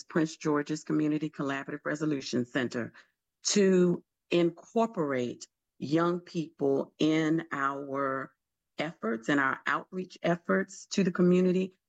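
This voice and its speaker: A hoarse woman with a naturally deep voice, rough and gravelly, speaking as a guest in a radio interview. She explains things earnestly and steadily. The sound is dull and muffled. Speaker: radio guest, community mediation leader.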